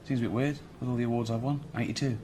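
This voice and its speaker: A man with a Reading accent, talking in a dry, deadpan way. He brags with mock arrogance at an ordinary speaking pitch. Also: very fast, slight background noise. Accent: Reading, England. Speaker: comedian being interviewed. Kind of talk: comedy sketch.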